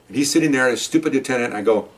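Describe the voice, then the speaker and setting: An older man tells a story from his police career, fast-talking and fired up, acting out every exchange. His voice comes from some distance off the mic, with a mid-range pitch that jumps when he gets worked up. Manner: heated, animated, acts out quoted lines. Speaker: retired narcotics detective. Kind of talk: personal storytelling.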